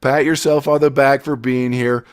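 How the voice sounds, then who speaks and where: A success coach teaches a motivational business class with energy, telling stories and switching between loud emphatic bursts and quiet asides. His voice is mid-range and clean, at a moderate pace.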